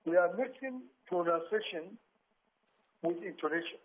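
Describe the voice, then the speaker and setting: A man's voice: high-pitched, moderate pace. A man calls in to a talk show and lectures on language in a formal way. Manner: didactic, formal. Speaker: phone-in caller. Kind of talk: lecturing call-in comment. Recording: tinny phone line.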